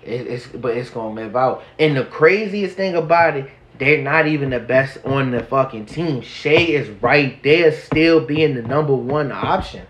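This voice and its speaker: A man's voice: medium pitch, moderate pace, few pauses, highs cut off, a little hiss or hum. A man co-hosting a podcast, talking sports in a slangy, emphatic, casual way. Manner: slangy, emphatic, many restarts. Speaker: podcast co-host. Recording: roomy echo.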